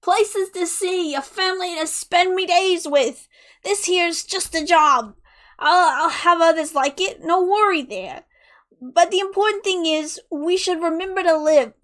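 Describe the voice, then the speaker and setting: A woman's voice: extremely high pitch, measured pace, a bit bright, voice pushed up. A woman reading a weary working man's farewell lines in an attempted accent, with heavy drama. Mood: wistful, dramatic.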